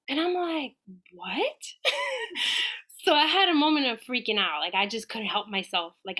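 A woman guest on a podcast telling a personal story in a casual, animated way, acting out her own quoted dialogue. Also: fairly high pitch.

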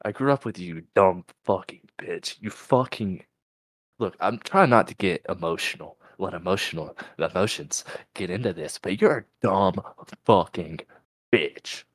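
Young man, low-pitched, dry close sound, swearing, rambling podcast talk. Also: lively intonation, unhurried, fairly bright tone, dry recording. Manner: profane, rambling, reading a post aloud. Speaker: podcast co-host. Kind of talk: casual podcast chat.

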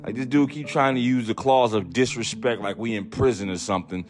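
A man hosting a podcast, telling a story in a casual, profane, animated way, acting out other people's voices. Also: medium pitch, brisk, soft background music. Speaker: podcast host.

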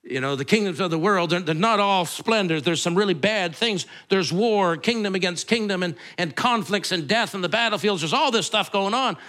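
A man's voice: high-pitched, normal speed, hardly any pauses, fairly bright tone. A male pastor, preaching in a conversational, rambling way full of asides and restarts. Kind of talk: sermon.

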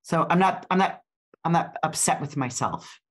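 This is an older woman with a very low, deep voice. She co-hosts a podcast in a loose, rambling way, full of fillers, restarts and side turns. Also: expressive, normal speed. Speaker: podcast co-host. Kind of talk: casual chat.

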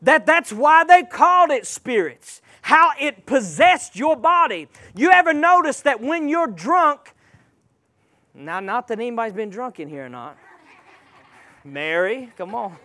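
A man's voice: extremely high pitch, very animated, unhurried, bright, forceful tone. A man preaching a sermon, emphatic and calling out to the congregation.

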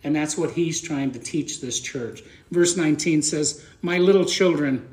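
A man's voice: fairly high pitch, a little slow, a little mellow, reverberant. A man preaching a conversational sermon as pastor, plain-spoken and folksy, often repeating words as he thinks aloud.

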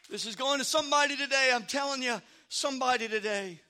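A male pastor preaching a sermon, swinging from hushed, chatty asides to shouted passages and repeating "I'm telling you.". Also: very high voice, fast, few pauses.

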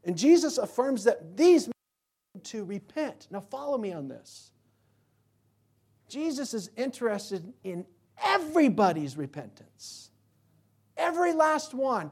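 Male pastor delivering a sermon; emphatic preacher, animated, fond of rhetorical questions. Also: sits high, husky. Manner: animated, swinging from loud to quiet.

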